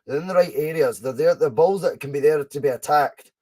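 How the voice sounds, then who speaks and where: A young Scottish man hosting a live fan watchalong, chatting casually, reacting excitedly to the match and answering viewers' comments. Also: fairly high pitch, a little fast. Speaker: podcast host doing a live fan watchalong.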